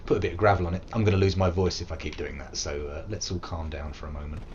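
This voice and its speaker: A man's voice: deep voice, level tone, fast talker, darkish tone, highs cut off, slight background noise. A British man in his thirties, chatting and joking casually while streaming a game live, prone to silly growls and bits of song. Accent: British English. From England.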